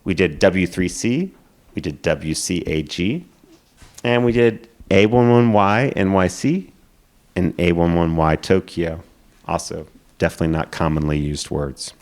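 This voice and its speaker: A man with a notably low voice gives a conference talk. He explains steadily and casually, dropping in filler words as he goes. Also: unhurried, a little mellow. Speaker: conference presenter. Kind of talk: presentation talk.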